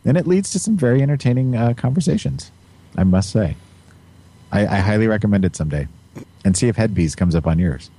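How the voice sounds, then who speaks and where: A low, mellow man hosts a podcast in a rambling, jokey way. His voice swings up and down a lot, and he giggles between thoughts. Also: lively intonation, a little fast. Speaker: podcast host. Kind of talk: casual chat.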